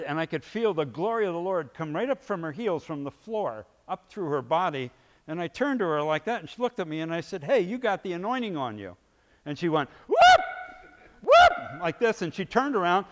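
A man preaching, telling a story vividly and acting out its scenes, his loudness swinging from hushed to booming. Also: in a large hall. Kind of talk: sermon storytelling.

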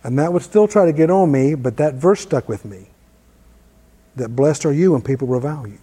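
A man's voice: a little high, lively intonation, brisk, dark tone, husky, in a large hall. A man teaching informally and telling a personal story, conversational and self-deprecating. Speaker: ministry teacher.

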